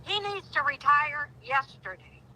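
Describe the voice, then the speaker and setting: Bright-voiced woman, heartfelt and emphatic. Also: sits high, animated, unhurried, low-quality recording. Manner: heartfelt, rising to indignant outbursts. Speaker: guest. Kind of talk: emotional phone-in conversation.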